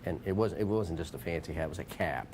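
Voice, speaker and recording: A man's voice: low-pitched, fast talker, background noise. A man hosting a local TV show, rambling and joking in casual chat and slipping into playful put-on voices. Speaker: TV show host.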